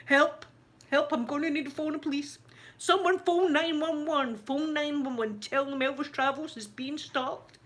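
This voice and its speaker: A woman's voice: sits high, steady tone, normal speed, pitched above the performer's own voice, natural voice. A melodramatic, whining man in a panic, as a Scottish woman mimics him while telling a story. The voice is raised and pleading, and the alarm is comically overdone. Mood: panicky. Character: panicky man streamer crying for the police.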